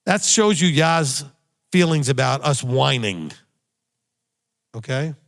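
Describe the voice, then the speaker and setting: A man's voice: mid-range voice, expressive, slow, vocal fry. A man, a rabbi, giving a sermon with blunt, emphatic exhortation and repeated key phrases. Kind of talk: recorded sermon teaching.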